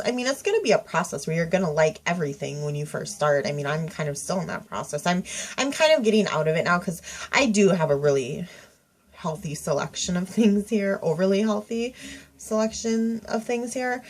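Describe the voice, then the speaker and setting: A woman, stuffy-nosed, rambling through a casual tag video at home with lots of fillers and self-corrections. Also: fairly low pitch. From Minnesota. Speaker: craft vlogger. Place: home craft room.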